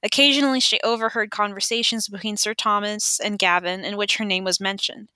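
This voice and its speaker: A woman's voice: mid-range voice, bright, forceful tone, no room sound. A woman reading an audiobook chapter aloud, plainly, with occasional stumbles and restarts. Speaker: amateur audiobook reader. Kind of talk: audiobook narration.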